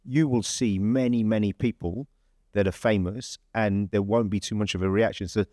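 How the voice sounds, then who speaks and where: An English man with a fairly low voice tells a story in a loose, conversational way. He restarts sentences and leans on fillers as he goes. The sound is close and dry. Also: steady tone, moderate pace, warm tone, dry recording. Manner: chatty, rambling storyteller with many fillers and restarts. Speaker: podcast host. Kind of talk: casual anecdote telling.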